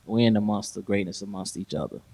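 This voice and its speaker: A man's voice: lowish voice, quick pace, dark tone. A man co-hosting a podcast, telling stories in casual chat with slang, laughing often and acting out what people said. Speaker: podcast host.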